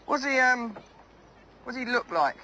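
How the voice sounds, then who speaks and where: A cocky young hustler whose brash, slangy voice sits very high and swoops around all over the place. He boasts and shows off, playing up fake posh voices with bright, sharp energy. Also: animated, a little slow, slight background noise, full character voice, poor audio. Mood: showing off. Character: cocky young male wheeler-dealer, boastfully trying out posh accents.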